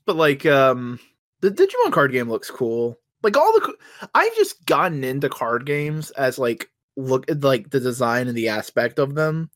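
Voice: mid-range voice, huge pitch swings, no room sound. Blunt, ranting podcast co-host, dry sound. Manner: blunt, profane, quick to rant. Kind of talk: casual podcast chat.

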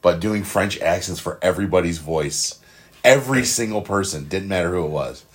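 A man's voice: deep voice, normal speed. A man co-hosting a casual sports podcast, joking and swearing as he banters with his partner. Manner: joking, profane, laughs often. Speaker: podcast co-host.

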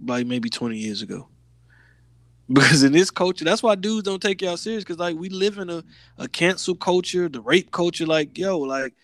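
A man on a podcast talks in a loose, slangy style, circling back and restarting as he makes his point. His voice sits a touch high for a man. The sound is close and dry, with no room around it. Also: normal speed, dry recording. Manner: animated, slangy, rambling with restarts. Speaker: podcast co-host. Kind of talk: casual chat.

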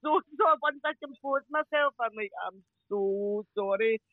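A Scottish woman telling stories casually as a podcast guest, animated and laughing often as she acts out voices. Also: fairly high pitch, moderate pace. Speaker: podcast guest, crime scene cleaner. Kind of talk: casual storytelling chat. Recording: dull lo-fi dry sound.

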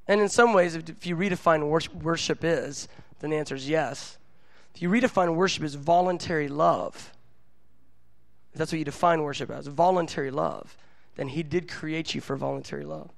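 A middle-aged man preaches by telling a story about himself, poking fun at himself and acting out both sides of a conversation. His voice sits fairly high for a man, and the recording is close and dry with no room echo. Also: normal speed, gravelly. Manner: animated and self-mocking, acts out dialogue. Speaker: pastor. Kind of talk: storytelling sermon.

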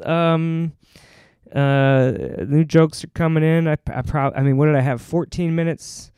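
A stand-up comedian rambles through stories from the road on a podcast, teasing himself and slipping into quick voices for the bits. His voice is smooth and clear, recorded close and dry with no room around it. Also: a little high, a little mellow, no echo. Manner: rambling, self-mocking, acts out bits in voices. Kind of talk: casual podcast chat.

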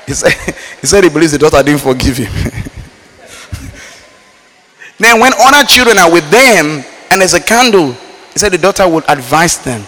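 A man from Nigeria preaching a sermon, swinging between loud emphatic lines and low quiet asides. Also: sing-song, moderate pace, pauses often. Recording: reverberant hall.

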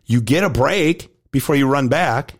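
A man co-hosting a sports podcast, telling stories in casual chat and quoting others with lively emphasis. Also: medium pitch, moderate pace, husky. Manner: storytelling, quotes others in animated voice. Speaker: podcast co-host, coach.

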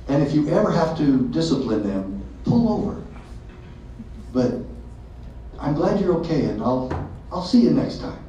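A man telling a story to an audience in a lively way, acting out the dialogue. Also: on the high side, a little slow, pauses often, slight background noise. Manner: animated, acts out dialogue. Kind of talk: storytelling talk. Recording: echoey hall from far off, dull sound.

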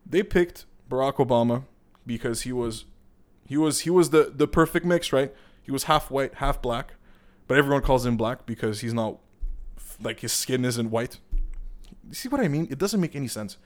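A man's voice: mid-range voice, lively intonation, normal speed. A young Canadian man with a Canadian accent giving a rambling, profane political rant, heated and full of digressions. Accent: Canadian English.

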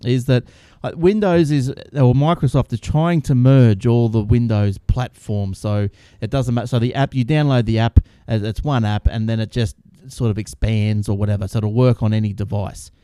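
A rambling man hosts a casual tech show, his voice mellow and darkish. The sound is dry and close, with little room to it. He restarts sentences often and laughs along as he goes. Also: medium pitch, steady tone, normal speed, few pauses, clear, resonant tone, no echo. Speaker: podcast host.

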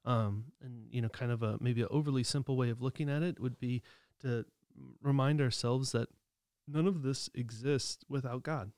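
A man's voice: mid-range voice, steady tone, moderate pace, a little mellow, no room sound, studio quality. Easygoing man musing on faith. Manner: conversational, many restarts and fillers, chuckling asides. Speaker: podcast co-host. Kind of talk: casual reflective commentary.

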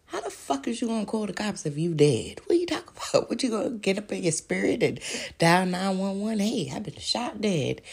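Woman, gravelly, husky, profane heated podcast rant. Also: lowish voice. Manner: profane, animated, rhetorical questions. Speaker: podcast host.

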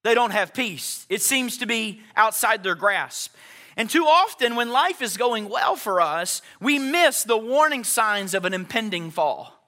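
Male pastor, very high bright voice, emphatic repeated phrases, talks to the congregation. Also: lively intonation, measured pace. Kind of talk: sermon.

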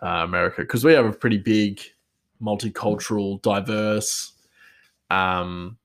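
A man's voice: lowish voice, steady tone, a little slow. A man, a chef, telling a story in a rambling, casual way and chuckling often.

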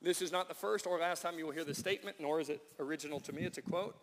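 A man preaching a sermon as pastor, hushed when praying and emphatic when driving points home. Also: fairly high pitch, rapid-fire, hardly any pauses. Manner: prayerful and hushed in prayer, then animated and emphatic when preaching. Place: church sanctuary. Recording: reverberant church hall.

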